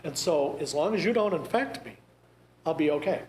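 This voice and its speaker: A man talks to a group in a conversational, wry way, dropping in jokes. His voice sits a little high. The room is echoey, with a faint hiss underneath. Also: lively intonation, moderate pace, darkish tone. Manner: wry, conversational, joking asides. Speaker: grief presenter. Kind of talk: talk to a group. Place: church meeting room.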